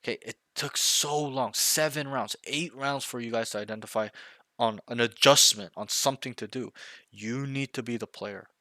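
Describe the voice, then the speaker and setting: Blunt, intense man coaching, bright voice. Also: mid-range voice, normal speed, no room sound, clean studio sound. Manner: blunt, intense, pushy with swearing; repeats himself, checks in with okay and right. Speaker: game coach. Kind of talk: one-on-one coaching talk.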